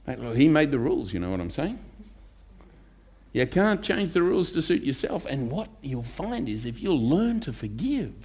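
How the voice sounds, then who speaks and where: A man's voice: fairly high pitch, fairly bright tone. A pastor preaching a conversational sermon to his congregation and asking them for amens. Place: church.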